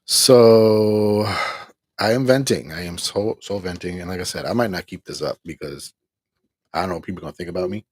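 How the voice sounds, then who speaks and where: A middle-aged man hosting a livestream, talking in a weary, exasperated way with a husky voice and rueful laughs while he reads the chat. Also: sits low, moderate pace, no echo. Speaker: livestream host. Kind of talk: venting on a livestream, reading chat.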